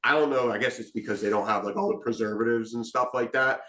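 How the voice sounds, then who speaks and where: A man's voice: mid-range voice, fast, bright, forceful tone. A man from the Philadelphia area, a band member, chatting casually and rambling with many fillers. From Philadelphia area, USA. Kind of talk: casual chat. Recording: roomy echo.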